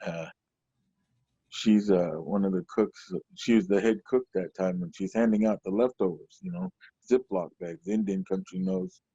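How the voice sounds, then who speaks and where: A man's voice: lowish voice, lively intonation, moderate pace, creaky, dark tone, husky, no room sound. A stand-up comedian from Portland, Oregon, a man telling stories in a loose, rambling way, full of "you know". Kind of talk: conversational storytelling. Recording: dull lo-fi recording, dry.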